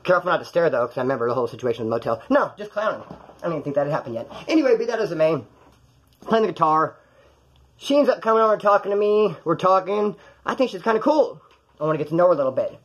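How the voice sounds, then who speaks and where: A man's voice: a little high, animated, rapid-fire, breathy edge, lo-fi sound. A man telling a true story from his own life in a casual, rambling, profane way, acting out the voices of the people in it.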